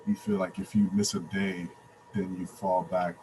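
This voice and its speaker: A man with a very low voice chimes in on a video call, hesitant and soft-spoken, full of ums and restarts. A faint hum of noise sits behind him. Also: flat delivery, moderate pace, poor audio. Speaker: call participant. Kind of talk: casual discussion on a video call.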